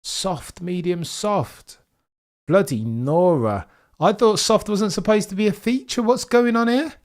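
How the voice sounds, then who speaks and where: A young man hosting a live race watchalong stream, chatting excitedly to his viewers. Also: sits high, unhurried. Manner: excitable, chatty, talks straight to chat. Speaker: livestream host watching a race.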